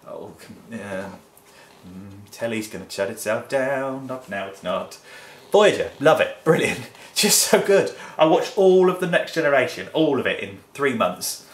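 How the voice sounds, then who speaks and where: A man from England answering viewer questions in a blunt, sweary, chatty vlog. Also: lowish voice. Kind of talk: casual Q&A vlog. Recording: echoey room.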